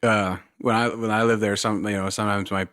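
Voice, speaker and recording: A man's voice: on the low side, flat delivery, brisk, a bit bright, dry recording, studio quality. Wry man in casual podcast chat. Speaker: podcast co-host.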